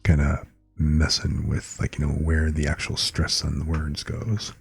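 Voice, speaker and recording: A man's voice: rumbling low, completely flat delivery, measured pace, vocal fry, faint music behind. A man streaming live, chatting casually with viewers and reading out words with their definitions.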